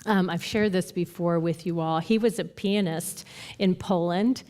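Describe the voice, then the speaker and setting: A woman's voice: on the low side, measured pace, a little mellow. Woman teaching a Bible study, hall reverb. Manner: earnest, retells stories with quoted dialogue. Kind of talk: conversational teaching and storytelling.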